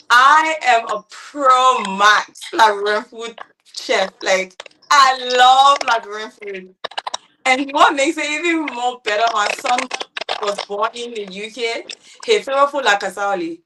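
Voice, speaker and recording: A woman's voice: on the high side, lively intonation, unhurried, noisy background. A woman from London with a London accent, chatting as a chef guest in an upbeat way and laughing often. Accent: London English. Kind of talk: casual interview chat.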